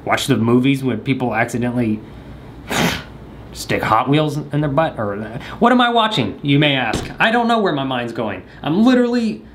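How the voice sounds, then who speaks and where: Young guy vlogger with a lively, bouncing voice, goofy and jokey, faint room hum behind. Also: mid-range voice, moderate pace. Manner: goofy, joking, talks to the camera. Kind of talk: rambling comedic monologue.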